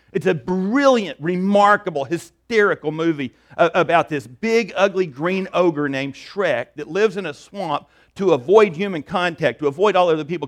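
A man preaching a conversational sermon as a pastor, often repeating words as he goes. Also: sits high.

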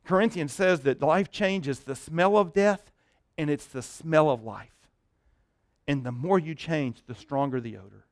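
Animated pastor preaching a sermon. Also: male voice, fairly high pitch, a little slow, no echo, studio quality. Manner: animated storytelling, dropping to a hush for tender moments; repeats words and restarts while thinking aloud.

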